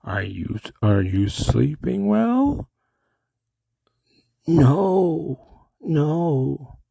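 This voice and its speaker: Gravelly low-voiced man rambling to himself. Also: dark tone, no room sound, studio quality. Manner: argues with himself, rambling and self-interrupting. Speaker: solo comedic performer. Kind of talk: self-dialogue character impressions.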